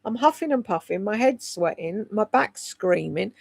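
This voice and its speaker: A woman in her sixties talks on a livestream from home, with a gravelly edge to her voice. Her talk is candid and rambling, full of casual swearing and quick laughs. The sound is dry and close, with no room echo. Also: medium pitch, lively intonation. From United Kingdom. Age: 60s. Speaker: livestream host reading chat.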